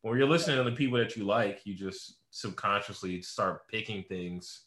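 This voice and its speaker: A young man, his voice bright and sharp-edged, chatting in a roomy, echoey space. He tells stories loosely and crudely, with plenty of swearing and joking around. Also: on the low side, brisk. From Philadelphia. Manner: loose, crude, jokey storytelling. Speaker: podcast co-host. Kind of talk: casual chat. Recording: roomy echo.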